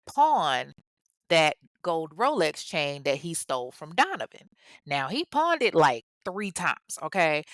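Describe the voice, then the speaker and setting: A woman casually telling a true crime story, animated and chatty, drifting into tangents and casual swearing. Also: deep voice, smooth, dry recording. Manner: animated and chatty, acts out the people she quotes.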